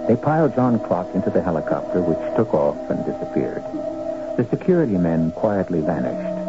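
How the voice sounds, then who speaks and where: Male narrator, very low and gravelly, grave vintage radio style, music underneath. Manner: grave, measured. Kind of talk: dramatic scripted narration. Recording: dull lo-fi old radio with music.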